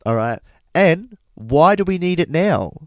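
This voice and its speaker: A young man co-hosting a podcast, joking in animated casual banter. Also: fairly high pitch, unhurried, dry recording, clean studio sound. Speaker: podcast co-host. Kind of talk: casual chat.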